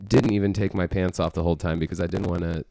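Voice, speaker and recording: Gravelly low-voiced man from Texas. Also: steady tone, fast talker, mellow, no room sound. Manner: rambling, self-mocking, many fillers and restarts. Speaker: podcast co-host. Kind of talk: casual music podcast chat.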